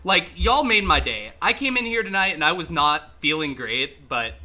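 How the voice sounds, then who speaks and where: A man's voice: a little high, moderate pace. A man streaming a game live, chatting to viewers, swearing and laughing as he reacts to the game. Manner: excitable, swears a lot, laughs and shouts at the game; chatty, talks straight to chat. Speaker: livestreamer. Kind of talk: live gameplay commentary.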